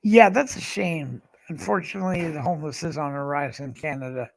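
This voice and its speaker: A man's voice: fairly high pitch, a little fast, vocal fry, rough recording. A man hosting a casual livestream from a care facility room, talking bluntly and profanely with lots of restarts. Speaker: livestream host.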